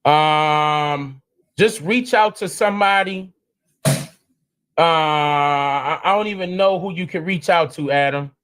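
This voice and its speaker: A man hosting a live stream in casual, slangy chat, animated and prone to sudden high exclamations. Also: takes it slowly, clear, resonant tone.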